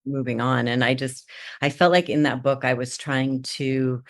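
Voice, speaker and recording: A middle-aged woman, an author being interviewed, telling stories in an animated way and laughing often. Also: rumbling low, normal speed, no echo, studio quality. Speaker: author guest. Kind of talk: casual conversation.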